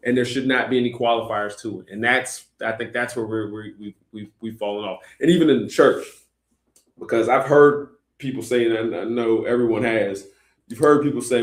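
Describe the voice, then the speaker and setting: A man's voice: medium pitch, fairly even intonation, normal speed, roomy sound. A man hosting a Christian discussion show, talking earnestly with many fillers and restarts. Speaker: host.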